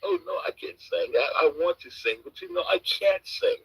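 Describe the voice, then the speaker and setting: A man mocking a boastful man who brags about secret footage, in a drawn-out, teasing delivery. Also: high voice, huge pitch swings, vocal fry, slightly rough, no room sound, voice pushed up, exaggerated voice, poor audio.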